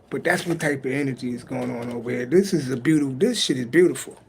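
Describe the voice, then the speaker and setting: Raspy, profane man streaming a tarot reading. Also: on the high side, darkish tone, a little hiss or hum. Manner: loose, profane, rambling and joking. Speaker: tarot reader on a live stream. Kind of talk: casual late-night livestream chat and tarot reading. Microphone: livestream mic.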